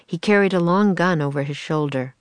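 A woman narrating a children's storybook in a steady reading voice, switching into voices for the characters. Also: low-pitched, brisk, clear, resonant tone, no room sound. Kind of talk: scripted narration of a children's book.

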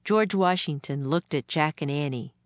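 A woman narrating a children's chapter book in a measured storytelling manner. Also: low-pitched, no room sound. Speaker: audiobook narrator. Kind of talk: scripted narration.

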